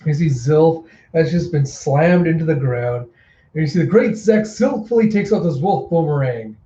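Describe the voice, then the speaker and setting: Mellow-voiced man narrating a manga. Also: a little high, animated, normal speed. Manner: plain narration with a few slips. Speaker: reader. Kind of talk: casual manga readthrough narration. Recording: echoey room, dull lo-fi sound.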